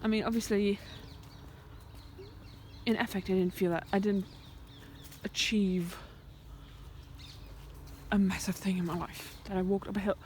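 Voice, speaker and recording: Her medium-pitched, darkish voice is flat and a little slow, with frequent pauses and slight background noise. On a reflective walking vlog by a countryside fence, the woman thinks aloud to her camera in a rambling way, often whispering, as birds and sheep call in the open air.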